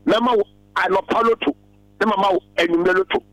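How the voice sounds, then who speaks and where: A Ghanaian man hosting a casual call-in talk about lotto numbers, chatty, taking callers and slowly repeating a phone number. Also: high-pitched, a bit bright, no room sound, soft background music, rough recording. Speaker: lotto tipster show host.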